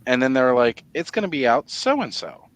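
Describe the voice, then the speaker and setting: A man hosting a live stream, chatting casually and explaining at length in a relaxed, rambling way. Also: medium pitch, normal speed. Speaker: livestream host. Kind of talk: casual chat.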